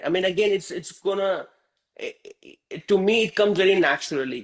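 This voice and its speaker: A man's voice: sits high, measured pace, low-quality recording. Patient male teacher. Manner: patient, checks in often with "right?" and "okay?". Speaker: Hindi teacher. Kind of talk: live online class.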